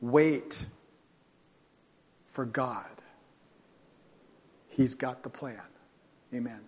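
A pastor giving a sermon, telling a story dramatically and moving between hushed and loud passages. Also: male voice, a little high, a little slow, a little hiss or hum. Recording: long hall reverb.

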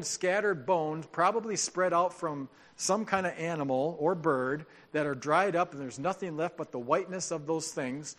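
Man preaching with a fairly high voice. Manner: conversational, plainspoken preaching with dramatic scripture reading. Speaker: pastor. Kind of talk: sermon.

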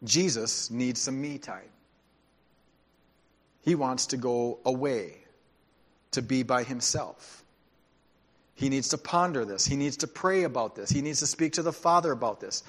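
A man preaching a sermon as pastor, speaking conversationally and dropping into quiet, emphatic asides. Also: medium pitch, unhurried, long pauses.

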